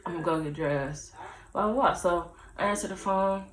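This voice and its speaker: A young woman vlogger tells her camera a personal story in a chatty, casual way, full of fillers and acted-out dialogue. Her lowish voice moves at a normal speed in an echoey room, with a crowd audible behind her.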